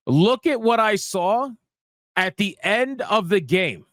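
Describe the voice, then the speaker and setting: A man's voice: high voice, expressive, slow pace, a bit bright, no room sound. A man giving casual, profane gaming commentary, ranting in exasperation and repeating himself.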